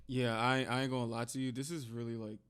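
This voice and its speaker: A man's voice: medium pitch, level tone, fast talker, fairly bright tone, smooth. A man reacting to a true crime story in casual, blunt commentary full of swearing and slang. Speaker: reaction video host.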